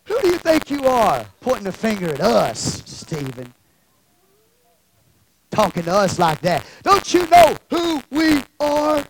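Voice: mid-range voice, wildly swooping pitch, measured pace, darkish tone, no echo. Indignant, proud religious crowd, slightly distant, voiced by the preacher. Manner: huffy, indignant.

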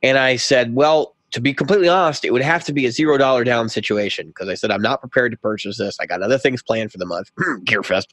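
A man's voice: mid-range voice, fast talker, few pauses, a bit bright, no room sound. A middle-aged man co-hosting a casual podcast, animatedly acting out both sides of a conversation as he tells a story. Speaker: podcast co-host.

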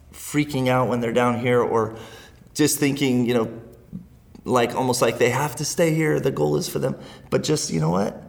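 A middle-aged man talks earnestly in a relaxed interview, with a gravelly, creaky edge to his voice. He rambles a little and sometimes laughs through his words. His pitch sits at an ordinary, middling level. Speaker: guest. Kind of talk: casual interview conversation.

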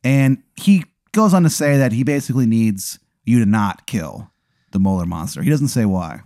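A man's voice: on the low side, expressive, moderate pace, warm tone, dry recording, studio quality. A man improvising as game master, rambling through the story with fillers and laughs. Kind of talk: improvised tabletop narration.

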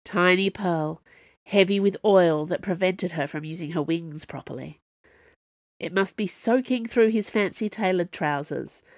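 A woman narrating a novel as an audiobook, with expressive storytelling. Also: on the low side, unhurried, dry recording, studio quality. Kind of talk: scripted narration.

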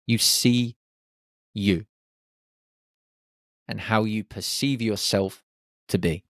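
A man's voice: on the low side, slow, fairly bright tone, dry recording, clean studio sound. Upbeat man, encouraging podcast host. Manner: upbeat, encouraging, jokey asides. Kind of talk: motivational podcast monologue.

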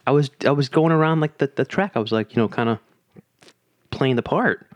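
A man co-hosting a casual podcast. He is playful and jokey, always ready with a quick quip. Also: mid-range voice, no room sound, dull audio. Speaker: podcast co-host.

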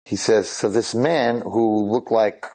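A man telling a miracle story to a congregation, animated, dropping Hebrew words and slowing down for quoted lines. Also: on the low side.

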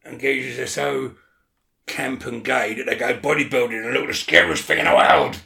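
Gravelly blunt man, roomy sound. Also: medium pitch, moderate pace, sharp tone. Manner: blunt, swears a lot, keeps checking you follow. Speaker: interview guest. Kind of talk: casual interview chat.

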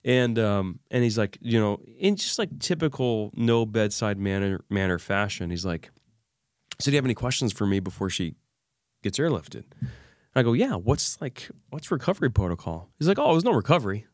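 A man as an interview guest, recounting a personal crisis in an animated way and acting out the dialogue he remembers. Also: lowish voice, normal speed, no room sound, studio quality. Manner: animated retelling, acts out remembered dialogue, many fillers. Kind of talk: emotional personal storytelling.

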